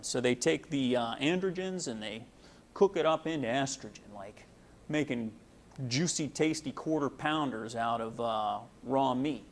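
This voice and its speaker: A man's voice: mid-range voice, unhurried, vocal fry, a little hiss or hum. Casual folksy man lecturing. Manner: casual, folksy, many fillers. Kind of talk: medical lecture with analogies.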